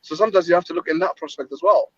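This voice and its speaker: A man with a fairly high voice hosts a casual panel chat about boxing, rambling through fillers and restarts. His voice sounds dull and lo-fi, with a dry, close sound and no room around it. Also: racing, fairly bright tone, breathy edge, dry recording. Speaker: boxing channel host.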